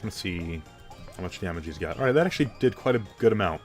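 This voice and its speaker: A man giving quiet, low-key let's play commentary, thinking aloud as he plays. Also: lively intonation, fast, faint music behind. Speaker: gamer.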